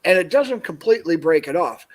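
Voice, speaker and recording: A man from northern Minnesota, a guest, telling an animated story on a video call and acting out what people said. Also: a little high, a little fast. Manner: animated anecdote, acts out quoted dialogue. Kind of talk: casual storytelling on a call-in show.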